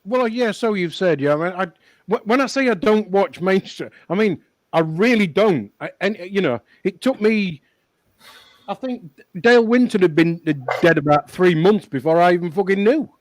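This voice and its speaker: Lively, high-pitched man, dry sound. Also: moderate pace, dry recording. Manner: animated, joking, sweary. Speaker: co-host. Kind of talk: casual round-table chat.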